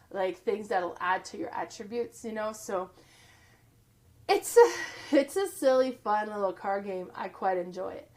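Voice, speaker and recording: A woman casually reviewing board games, chatty, laughing often and filling her talk with "like" and "you know". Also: on the high side.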